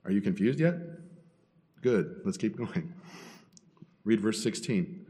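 A man's voice: on the low side, lively intonation, slow pace, warm tone. A man preaching a teaching sermon as pastor, posing rhetorical questions and building emphasis. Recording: long reverb in a hall.

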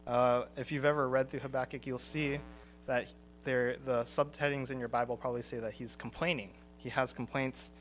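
A young man teaching a Bible class in a conversational way, pausing often with ums and restarting his sentences. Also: medium pitch, fairly bright tone, a little hiss or hum.

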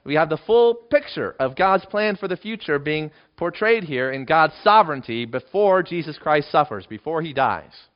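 Lively, emphatic male preacher. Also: on the high side, normal speed, hardly any pauses. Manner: emphatic, rising into dramatic readings of quoted lines. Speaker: pastor. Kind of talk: expository Bible sermon. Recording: dull lo-fi recording.

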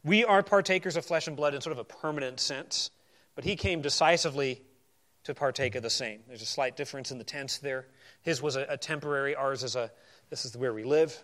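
A man preaching a sermon, working through a Bible passage verse by verse and moving between emphatic declarations and quiet asides. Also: medium pitch, brisk.

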